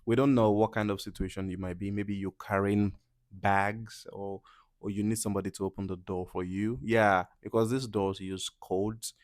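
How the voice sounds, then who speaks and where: A young man from Nigeria, casually teaching travel phrases to camera in an animated, playful way with loud acted-out reactions. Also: fairly low pitch, moderate pace, no room sound, studio quality. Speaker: language teacher.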